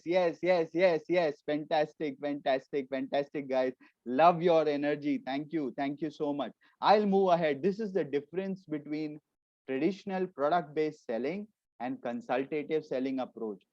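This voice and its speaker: Emphatic Indian sales coach, high-voiced. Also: male voice, normal speed, darkish tone, no echo, muffled recording. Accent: Indian English. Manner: emphatic and repetitive, acts out salesmen's pitches with switches into Hindi. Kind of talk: motivational sales training talk.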